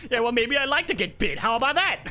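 A man's voice: very high voice, very animated, brisk, bright, forceful tone, faint music behind. A young man streaming a horror game live, swearing freely and bantering with his chat. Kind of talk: live gameplay commentary.

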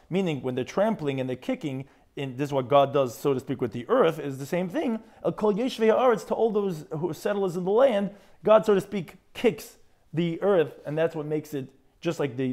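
A rabbi teaching a Talmud class, reading out Aramaic phrases and translating them line by line. His voice sits a little higher than most men's and leaps up animatedly on key words. He restarts and repeats words as he explains. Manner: reads Aramaic phrases then translates, animated with sudden pitch jumps. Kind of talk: Talmud lecture.

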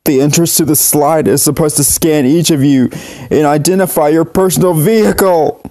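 A man voicing a grief-stricken young boy who is crying and speaks in slow, broken sobs. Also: fairly high pitch, warm tone, no echo, pitched above the performer's own voice, lightly acted. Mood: sobbing. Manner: slow, broken sobbing speech.

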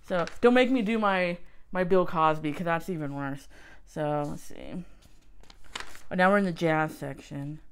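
A woman hosting a casual podcast, reading through an old music magazine and commenting wryly, with self-mocking asides and excited exclamations. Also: lowish voice, measured pace, a little hiss or hum. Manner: wry, self-mocking, exclaims over finds. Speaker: podcast host.

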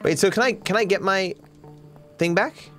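A man's voice: sits high, normal speed, a bit bright, soft background music. A man with an Australian accent giving joking, sarcastic live commentary while he plays a game, swearing casually. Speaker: streamer.

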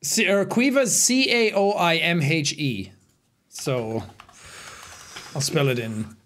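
A man's voice: fairly high pitch, sing-song, slow, fairly bright tone. A young Irish man co-hosting a podcast in casual chat, joking, laughing often and swearing freely. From Ireland. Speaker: podcast co-host.

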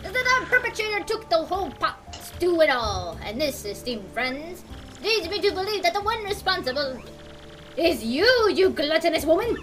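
A pompous, high-pitched penguin detective, played by a woman for a game let's play. He speaks in lofty, self-satisfied phrases with a lively, swooping voice. Music plays clearly behind him. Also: moderate pace. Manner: pompous, grandiloquent.

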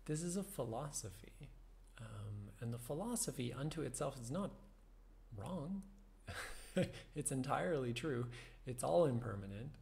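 A man giving a reflective meditation talk, thoughtful and unhurried, with soft laughs and fillers. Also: medium pitch, animated, vocal fry. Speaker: meditation teacher.

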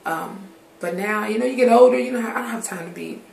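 A woman's voice: mid-range voice, a little fast, vocal fry, a little mellow, slight background noise. A grown woman vlogging candidly to her viewers. She drifts from subject to subject and swears casually. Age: adult. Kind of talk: candid personal vlog talk. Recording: roomy echoey recording.

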